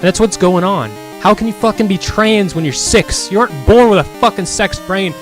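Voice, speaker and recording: A man's voice: high-pitched, normal speed, faint music behind. A man streaming and chatting casually, reading out chat comments and rambling through his thoughts with frequent restarts. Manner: rambling and self-questioning, with many restarts; grows louder and more heated later on.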